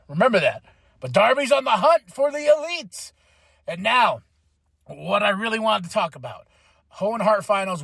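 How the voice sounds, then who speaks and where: Podcast host, male, high-pitched and chatty; irreverent, swears, acts out quotes. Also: gravelly, a bit bright, dry recording. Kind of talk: casual wrestling show recap.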